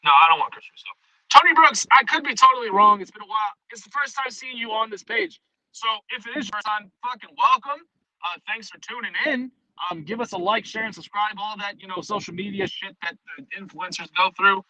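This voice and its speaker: A man's voice: high voice, brisk, sharp tone, highs cut off. A man with a New York accent hosting a casual live stream, rambling and swearing as he jumps between topics. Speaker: streamer host.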